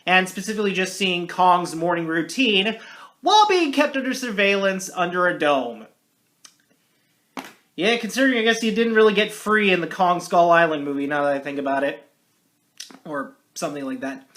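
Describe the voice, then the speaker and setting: Movie reviewer hyping things up then mumbling asides, rambly, keeps correcting itself, pokes fun at own jokes. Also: medium pitch. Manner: energetic and rambling, with big jumps between loud hype and muttered asides; self-deprecating, corrects themself often. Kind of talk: casual movie review monologue.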